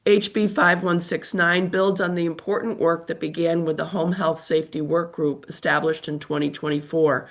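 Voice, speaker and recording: An older woman with a scratchy voice reads formal prepared testimony over a remote call, measured and steady. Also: low voice, gravelly. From United States. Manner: formal, measured reading of a statement. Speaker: testifying witness. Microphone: remote call microphone.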